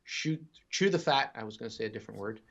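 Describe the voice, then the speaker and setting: A man co-hosting a gaming podcast in casual chat, easygoing and quick to chuckle, with rambling asides. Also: on the low side, animated, creaky, fairly bright tone. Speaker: podcast co-host. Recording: dull lo-fi audio.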